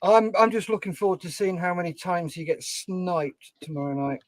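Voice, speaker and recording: A man hosting a relaxed livestream, chatting and reading out viewers' names. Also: sits high, normal speed, no room sound. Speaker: livestream host. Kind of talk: casual chat on a modelling stream.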